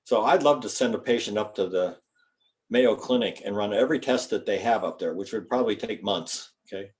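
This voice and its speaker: A man's voice: on the low side, a little fast, a little mellow. An older man, a chiropractor, giving an informal lecture to students in a folksy, rambling way and spelling out terms. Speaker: guest speaker, chiropractor.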